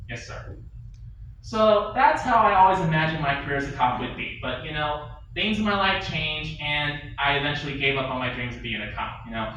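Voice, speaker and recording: A man's voice: fairly high pitch, brisk, sharp tone, a little hiss or hum. A man doing a stand-up comedy set in a bar, telling a story with chatty asides to the audience. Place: bar and grill stage. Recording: echoey bar room, distant mic.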